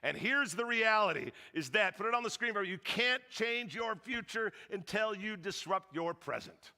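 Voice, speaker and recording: A man preaching a sermon as a pastor, telling a story in an animated, joking way and acting out the lines of the people in it. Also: sits high, normal speed. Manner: animated, joking, acts out quotes. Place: church hall. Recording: long reverb of a large hall.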